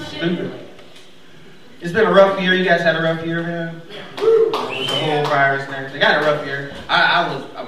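A young man with a high voice works through a stand-up set and jumps into sudden character voices. He is heard from some distance in a very echoey club. A crowd laughs loudly all around him. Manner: animated, acts out characters with big pitch jumps. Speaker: stand-up comedian. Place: comedy club stage before a laughing crowd. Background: audience laughter.

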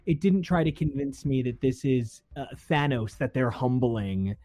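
A man's voice: mid-range voice, normal speed, warm tone, no echo. A man co-hosting a casual comics chat, critical and emphatic. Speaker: comics podcast co-host.

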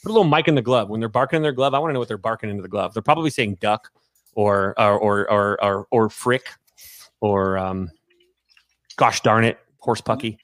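A man's voice: fairly low pitch, fairly quick, a bit bright, no room sound. A man co-hosting a podcast, riffing and joking with profanity in casual sports chat. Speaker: podcast co-host.

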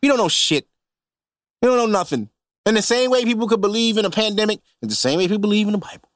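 A man hosts a podcast, ranting casually and comedically with heavy slang and plenty of profanity in an animated way. His voice sits high and moves fast, recorded in studio quality with no echo.

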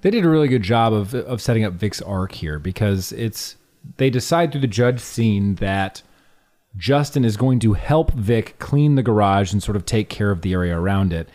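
A man's voice: on the low side, normal speed. A man co-hosting a movie review podcast, talking through the story in an analytical, casual way. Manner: lively, analytical, lots of restarts. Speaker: podcast co-host.

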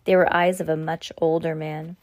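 A woman reading a storybook aloud, slow and expressive, stumbling now and then. Her voice sits low and the sound is dry and close. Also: dry recording. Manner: slow, expressive, with small restarts. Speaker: reader. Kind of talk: reading a chapter book aloud.

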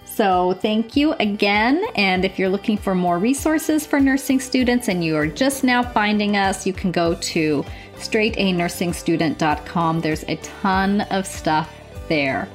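A woman's voice: mid-range voice, lively intonation, measured pace, soft background music. A woman hosting her nursing podcast, chatting in a bubbly, enthusiastic way from her office. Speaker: podcast host, nurse. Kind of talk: casual podcast chat. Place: home office.

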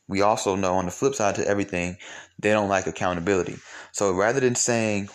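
A man's voice: on the low side, a little fast. A man giving a blunt, profane opinion monologue to his listeners, rambling and full of rhetorical questions. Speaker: commentator.

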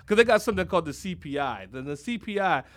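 A man co-hosting a comedic podcast, rambling and swearing, now and then bursting into shouts. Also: sits high, lively intonation, fast talker. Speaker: podcast co-host. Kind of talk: casual comedic podcast rant.

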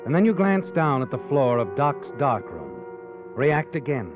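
A man giving measured, ominous second-person narration for a radio drama. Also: mid-range voice, big pitch swings. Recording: lo-fi old radio recording with music.

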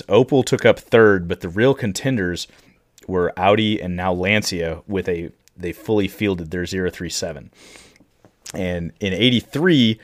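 A man co-hosting a casual podcast talks in a very deep voice. He explains in a measured way and pauses often to gather his thoughts. The recording is dry and close, with no room sound. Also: no room sound. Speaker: podcast co-host explaining rally history.

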